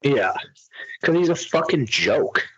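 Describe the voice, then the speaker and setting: A man's voice: on the high side, takes it slowly, slightly rough, lo-fi sound. A young man hosting a podcast, ranting animatedly in profane casual chat. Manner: animated, ranting, heavy swearing. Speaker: podcast host.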